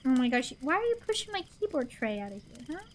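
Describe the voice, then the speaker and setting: A young woman streamer reading a picture book aloud, with animated, chatty asides, at a desk microphone. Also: high-pitched, fast, slight background noise.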